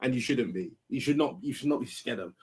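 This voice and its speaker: A man's voice: mid-range voice, animated, fast talker, a loud crowd. A man in a heated casual football debate, emphatic and repeating his lines. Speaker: football panel guest.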